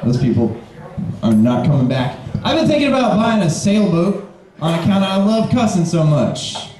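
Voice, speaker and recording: A man in his twenties from Kentucky doing a live stand-up set with dry, deadpan one-liners and sarcastic pauses. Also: sits high. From Kentucky, USA. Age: 20s. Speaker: stand-up comedian. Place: bar pavilion on stage. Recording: very echoey live room.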